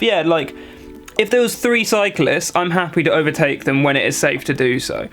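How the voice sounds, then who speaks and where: A young British man in a vlog, ranting to camera in an animated, exaggerated way with mock outrage. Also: on the high side, moderate pace, faint music behind. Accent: British English. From Britain. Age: young adult. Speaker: vlogger. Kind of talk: comedic rant to camera.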